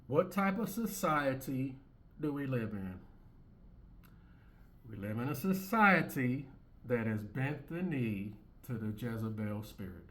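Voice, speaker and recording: A man with a mid-range, slightly bright voice speaks slowly but with lively intonation. He hosts his own commentary channel, reacting to clips in an opinionated monologue that is blunt, repetitive, full of restarts and swearing.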